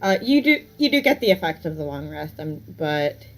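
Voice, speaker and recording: A woman running a tabletop role-playing game as game master, talking in a casual, unhurried way. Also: deep voice, big pitch swings, poor audio.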